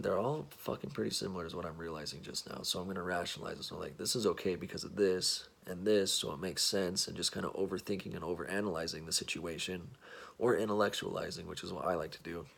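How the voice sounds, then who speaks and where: A man's voice: deep voice, gravelly, a bit bright, husky. A man in his twenties giving blunt, profane straight talk, rambling with restarts as he speaks. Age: 20s. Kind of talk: casual straight-talk monologue.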